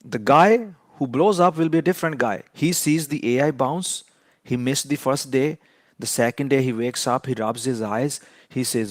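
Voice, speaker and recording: A man's voice: mid-range voice, normal speed, no room sound, studio quality. A man giving a trading lesson in an emphatic, lecturing way, often repeating key points for stress. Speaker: trading educator.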